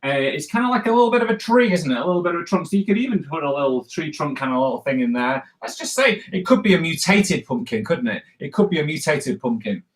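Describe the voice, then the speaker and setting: A man's voice: on the high side, sing-song, quick pace, hardly any pauses. A man leading a casual live drawing tutorial, rambling and chatty with many fillers and restarts. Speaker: cartoonist teaching drawing.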